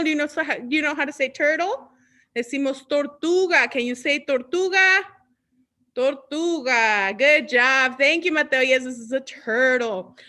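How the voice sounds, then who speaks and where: A woman's voice: high voice, pushed and bright. A woman hosting an online children's storytime, cheerfully singing songs and mixing in Spanish words. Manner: cheerful, sings along, mixes in Spanish words. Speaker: library storytime host.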